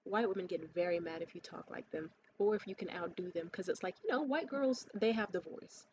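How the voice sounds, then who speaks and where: A woman's voice: fairly low pitch, brisk, a little mellow. A woman talking to camera in a blunt, profane and sarcastic rant. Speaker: vlogger. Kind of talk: ranting monologue to camera. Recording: slightly muffled with faint hiss.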